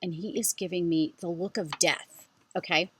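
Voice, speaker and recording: A middle-aged woman vlogger talks casually to her camera, chatty and animated as she tells her story. Her voice sits a little low for a woman. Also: normal speed, a little hiss or hum. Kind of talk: casual handbag review vlog.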